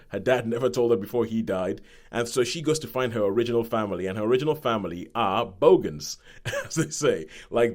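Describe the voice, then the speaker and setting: Medium in pitch and darkish in tone, a male podcast host chats casually while reviewing something. He wanders in his talk, corrects himself repeatedly, and acts out the voices he quotes.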